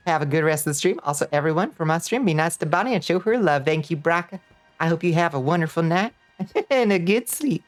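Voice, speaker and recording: A woman's voice: fairly low pitch, animated, fairly quick, faint music behind. A woman streaming a video game, chatting casually with her viewers, laughing often and thanking them as she plays.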